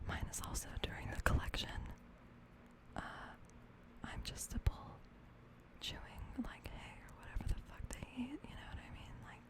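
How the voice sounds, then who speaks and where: A woman streaming as co-host, speaking in whispered role-play with playful swearing. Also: normal speed.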